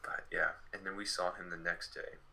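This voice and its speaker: A young man in his late teens retells a story in a loose, chatty way, leaning on fillers as he goes. His voice sits low but has a very bright, sharp edge. Faint noise hums in the background. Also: flat delivery, moderate pace, vocal fry, rough recording. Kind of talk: casual storytelling.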